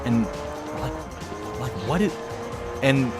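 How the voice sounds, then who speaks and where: He takes his time, his voice sitting at a medium pitch. As a let's play host, he rambles through a crude, jokey story in casual chat over the game, and video game music plays underneath.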